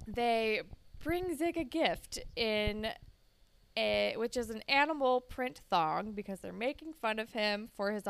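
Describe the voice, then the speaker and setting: Young woman chatting and recapping a show, super clear voice, dry close sound. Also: medium pitch, a bit bright, no echo. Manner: retells scenes with quick quoted voices and laughs. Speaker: podcast co-host recapping a TV episode. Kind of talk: casual chat.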